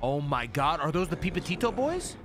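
A young man streaming a horror game, swearing, talking to his chat as "gang" and dropping to a hushed whisper when scared. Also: on the high side, very animated, brisk, noisy background. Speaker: gaming streamer. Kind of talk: live horror game commentary. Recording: game music audible behind.

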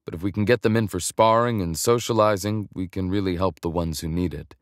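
A man doing a blunt, deep-voiced ex-soldier. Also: brisk, no echo, clean studio sound, lightly acted. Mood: steady. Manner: blunt, terse. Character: blunt, honorable man, a former soldier in his late twenties.

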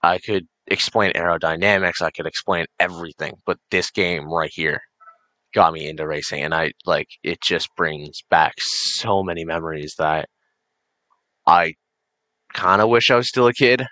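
Commentating a racing game as he plays, a teenage gaming channel host in his late teens rambles with enthusiasm, full of restarts and fillers. His low voice is steady, bright and forceful at normal speed, and the recording is dry.

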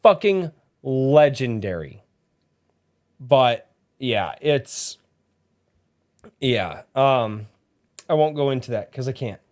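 On a casual live-streamed podcast, a male host with a mid-range voice chats with his co-hosts at a slow pace, leaving long pauses. He rambles and swears, keeping things lively.

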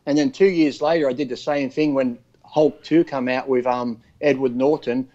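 A man's voice: medium pitch, steady tone, moderate pace, mellow, highs cut off. A man with an Australian accent, co-hosting a casual chat, swearing freely and acting out comic voices in his stories. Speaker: co-host.

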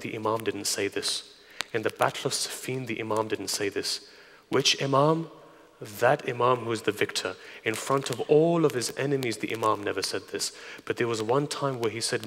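A man preaching a grieving, impassioned mourning sermon, moving from hushed asides to loud lament in a large hall. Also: fairly low pitch, gravelly. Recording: long hall reverb.

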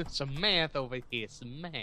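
Man voicing a mouthy heckler, slow drawl, sharp bright tone. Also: a little high. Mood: taunting.

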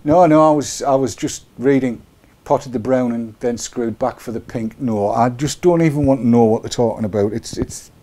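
A man's voice: medium pitch, normal speed, dark tone. A middle-aged man hosting a casual live webcast, joking and rambling with chuckling asides. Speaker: show host.

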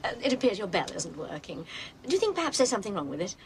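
Actress as a condescending neighbour, affected and gushing, film soundtrack with noise. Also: female voice, mid-range voice, very animated, quick pace, natural voice. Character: snobbish, bragging upper-class neighbour woman.

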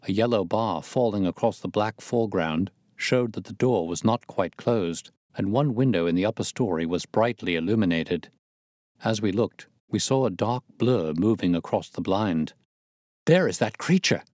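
A man reading a classic detective story aloud as scripted narration, steady and measured. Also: lowish voice, dry recording, clean studio sound. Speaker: audiobook narrator.

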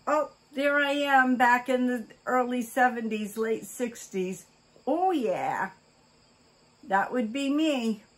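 Opening fan mail on her vlog, an older woman chats in a relaxed way, full of oohs, gasps and happy exclamations. Her voice is fairly high and animated, though her pace is slow.

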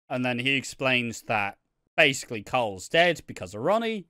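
A man's voice: medium pitch, big pitch swings, brisk, sharp tone, clear, resonant tone, dry recording, clean studio sound. A young man co-hosting a casual podcast, swearing often and laughing as he rambles about a soap. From Britain. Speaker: podcast co-host. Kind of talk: casual chat.

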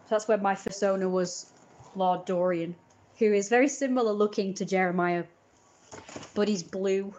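A young woman, rambling through a casual stream chat while she cooks and fiddles with parcels. She keeps correcting herself mid-sentence and speaks at a mid pitch. Faint room noise sits behind her voice. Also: a little mellow.

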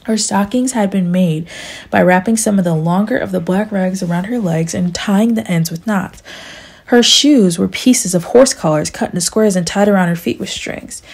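Young woman, amateur audiobook reader, dark husky voice. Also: mid-range voice. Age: young adult.

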